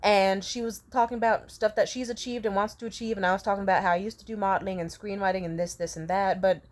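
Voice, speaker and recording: A woman's voice: mid-range voice, steady tone, fast. A young adult woman telling a casual storytime vlog, rambling and profane, laughing often between sentences. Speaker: vlogger.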